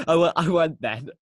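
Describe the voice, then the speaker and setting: A man's voice: a little high, dry recording. A man hosting a casual podcast chat, talking enthusiastically and restarting often. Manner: enthusiastic, rambling, with frequent restarts. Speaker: podcast host.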